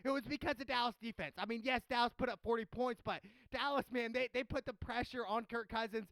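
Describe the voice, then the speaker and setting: A man's voice: very high voice, fairly even intonation, a little fast, creaky, a bit bright, no echo, poor audio. A man giving a blunt, slangy football recap as a streamer, trash-talking teams in casual chat. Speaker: sports streamer.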